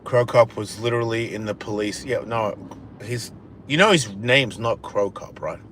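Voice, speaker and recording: A man's voice: moderate pace, a bit bright, slight background noise. A man, hosting a live stream, chatting casually and bluntly with plenty of swearing as he reacts to viewer comments. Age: 50s. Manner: profane, blunt, jokey, drops into a low mumble. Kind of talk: rambling casual chat reading viewer comments.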